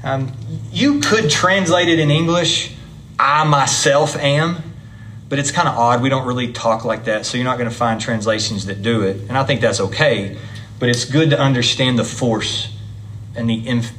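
Man, teacher leading a church class, conversational, middle pitch, faint room hum behind. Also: normal speed, a bit bright. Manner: conversational, explains step by step, chatty with the class. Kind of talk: classroom Bible lesson.

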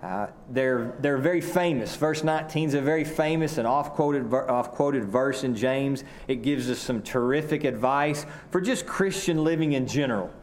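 A man from Arkansas with a Southern drawl, preaching a sermon earnestly, often repeating words and slowing down for emphasis. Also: medium pitch, slight background noise. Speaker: pastor.

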